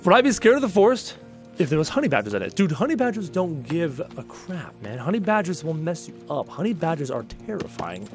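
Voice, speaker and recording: Animated high-voiced man streaming a game. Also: fairly quick, soft background music. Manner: casual, joking, addresses chat as dude. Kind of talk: live gameplay stream, chatting with viewers.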